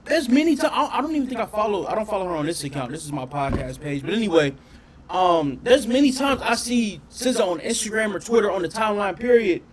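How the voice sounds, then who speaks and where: A man doing casual reaction commentary on his channel, talking in an animated, profane way and often questioning his audience. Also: high voice, fast talker, slight background noise. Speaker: reaction streamer.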